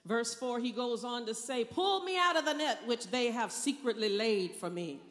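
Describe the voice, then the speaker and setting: A woman preacher delivering a Good Friday sermon, calling on the congregation for responses and rising to loud cries. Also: a little high, expressive, moderate pace. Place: large church. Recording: long church hall reverb.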